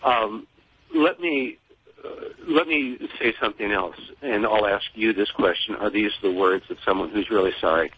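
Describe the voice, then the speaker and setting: An older man speaking as an interview guest, in a measured, deliberate way with pauses and fillers. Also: lowish voice, breathy edge, lo-fi sound. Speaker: guest, father of a fallen serviceman.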